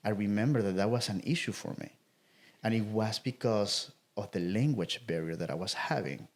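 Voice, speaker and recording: A man's voice: on the low side, moderate pace. Man, co-hosting. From Latin America. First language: Spanish. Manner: repeats words, frequent "right?" tags. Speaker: podcast co-host. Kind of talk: casual conversation.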